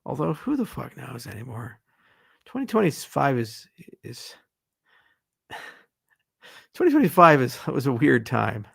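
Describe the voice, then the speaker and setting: Brief: very gravelly man, blunt, ranting, profane Q&A host, dry close sound. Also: mid-range voice, huge pitch swings, a little slow, pauses often, no room sound. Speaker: AMA host, venture capitalist. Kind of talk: livestream Q&A, unscripted.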